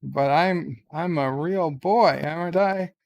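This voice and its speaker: Man doing a naive young crewman, polite, eager, bewildered, highish, gravelly. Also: takes it slowly, dull audio.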